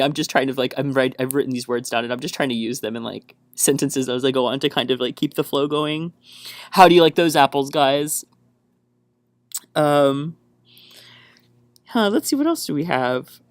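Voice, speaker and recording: A man's voice: mid-range voice, normal speed, no room sound. Hyper, chatty young man. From American South. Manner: chatty, rambling, hyper, laughs often. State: wired on caffeine. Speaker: podcast host. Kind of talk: solo podcast monologue.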